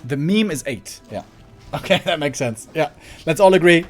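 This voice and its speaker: A man commentating a strategy game match solo, chatty and excitable, laughing often and rambling off-topic. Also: on the high side, moderate pace, faint music behind. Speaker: esports caster.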